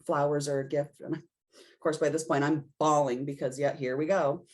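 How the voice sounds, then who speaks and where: A woman's deep, darkish voice comes with a flat delivery at a moderate pace. A podcast guest and intuitive reader, she tells a personal story casually, performing her own reactions as she goes.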